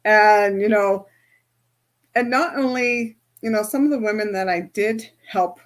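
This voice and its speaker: A woman's voice: mid-range voice, unhurried. A woman teaching a group as a spiritual and business coach, in a chatty, casual way that keeps checking in with her listeners. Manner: chatty, often checks in with "right?".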